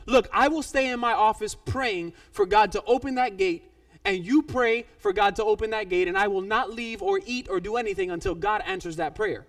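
A man's voice: high-pitched, lively intonation, normal speed, gravelly, a bit bright, full character voice. A man voicing a firm, patient pastor giving instructions and repeating himself, recorded from a distance. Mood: earnest. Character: patient, firm male pastor, middle-aged.

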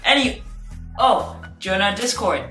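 A young woman reacts on camera in an excited, gushing chat full of exclamations. Her voice sits a little away from the mic in an echoey room, with loud music playing behind her. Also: medium pitch, slow, recorded from a distance. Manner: gushing, exclaims often, chatty asides. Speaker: reaction video host. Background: music from the video.

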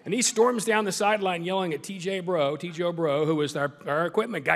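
A man's voice: high-pitched, fairly even intonation, fairly quick, vocal fry, few pauses, big-room sound. A man giving a humorous storytelling speech as a guest speaker, full of self-deprecating jokes. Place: large meeting hall.

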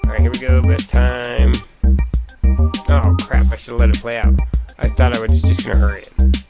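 An excitable man talks his way through a racing game, cheering himself on and scolding his own mistakes. His voice has a gravelly edge and an everyday pitch, and he sniffles now and then from allergies. Game music plays clearly underneath. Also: brisk, long pauses. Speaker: gameplay commentator. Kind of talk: casual let's play commentary. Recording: game music playing behind.

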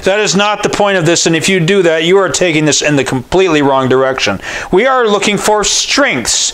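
A man's voice: high voice, a bit bright, a little hiss or hum. A man, a pastor, giving a chatty, joking sermon and often restarting his sentences. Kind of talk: conversational sermon.

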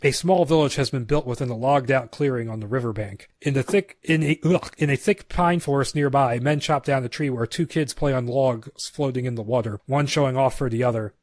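A man's voice: medium pitch, fairly quick, few pauses, darkish tone, no echo. A man co-hosts a podcast, chatting and then reading a screenplay's narration aloud, stumbling now and then and breaking off for asides. His voice sits in the middle range and sounds dry, with no room around it. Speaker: podcast co-host. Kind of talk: casual chat and script read-aloud.

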